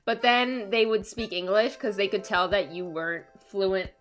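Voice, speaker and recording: A woman's voice: medium pitch, steady tone, moderate pace, fairly bright tone, soft background music. A young woman from Canada chatting casually on a live stream, laughing often and answering her chat.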